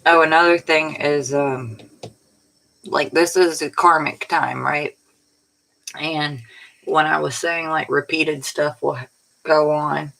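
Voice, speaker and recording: A woman's voice: sits low, fairly even intonation, slow pace, creaky, pauses often, fairly bright tone, rough recording. A woman tarot reader giving a casual, rambling spiritual pep talk in a colloquial way, sounding tired. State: tired, yawning.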